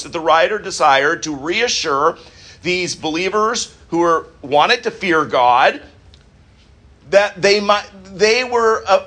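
A man's voice: fairly high pitch, bright, forceful tone. A man preaching a verse-by-verse sermon, thinking aloud with restarts and repeated words and asking the listeners questions. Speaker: pastor.

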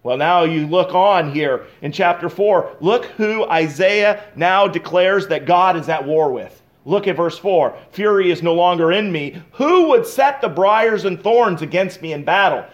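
A man preaching an expository sermon as pastor, reading scripture slowly and swinging between loud and soft. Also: high voice, lively intonation, muffled recording.

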